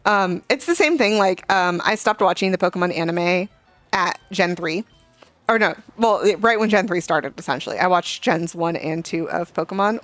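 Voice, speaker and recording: Rambling young woman streamer, low voice. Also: normal speed, fairly bright tone, no room sound. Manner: rambling storyteller, many fillers and asides to the game. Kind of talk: casual gaming chat. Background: faint game music.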